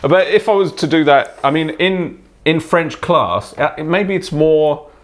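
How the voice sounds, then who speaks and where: Halting, slightly hoarse man. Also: a little high. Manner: halting, many restarts and laughs. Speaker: podcast co-host. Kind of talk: casual chat.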